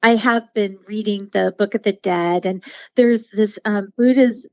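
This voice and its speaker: A woman guest tells a personal story in a heartfelt, rambling way, circling back with fillers and restarts. Her voice sits at an ordinary middle pitch. The sound is dull and a bit muffled, and very dry. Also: measured pace, dry recording. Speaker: podcast guest. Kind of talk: casual storytelling interview.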